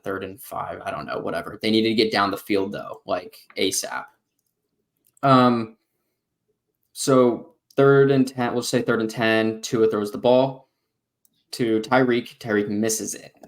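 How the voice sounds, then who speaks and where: With a lowish, slightly bright voice, a young adult co-host of a casual sports podcast recounts a story. He reenacts his own words and uses a lot of fillers.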